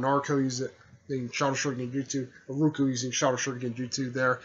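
A man's voice: mid-range voice, pushed and bright, slightly rough, dull audio. A man casually retelling a story in a rambling way, tacking "there" and "stuff like that" onto his sentences.

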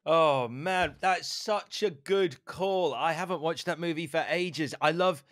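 A man's voice: a little high, a little slow, a bit bright. A man hosting a film interview, joking and enthusiastic, laughing often. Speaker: film podcast host. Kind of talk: casual interview chat.

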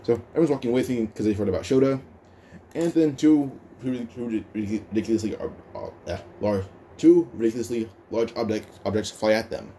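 A man casually retelling a fan story, talking fast with frequent stumbles and restarts. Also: on the low side, warm tone, a little hiss or hum. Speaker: story narrator.

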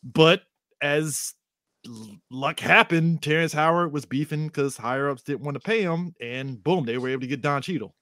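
A man co-hosting a podcast in casual chat, an animated storyteller who laughs often and acts out quoted lines. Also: a little high, normal speed, no echo, studio quality. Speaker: podcast co-host.

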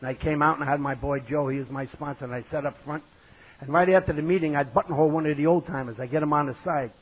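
A man tells his recovery story to an audience at a conference. His voice is husky and sits a little high, and he leans on repeated lines and deadpan punchlines. The recording sounds dull and lo-fi. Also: fast. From New York. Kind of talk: personal recovery talk to an audience.

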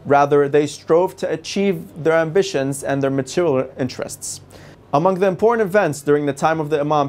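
A man's voice: fairly high pitch, a little mellow. Formal, reverent man with a raised voice. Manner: formal, measured, reverent delivery. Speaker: presenter of a religious TV series. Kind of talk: scripted religious lecture.

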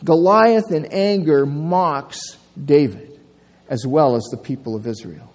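A male pastor preaching a sermon, telling a story with lively delivery and acting out the quotes. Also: on the high side, a little slow. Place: church sanctuary. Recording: long church reverb.

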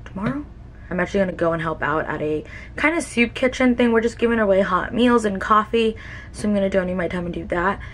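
A woman's voice: mid-range voice, quick pace, a little hiss or hum. A young woman in a casual beauty vlog, talking emotionally to camera with lots of "like" fillers. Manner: chatty, emotional, many "like" fillers. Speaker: beauty vlogger.

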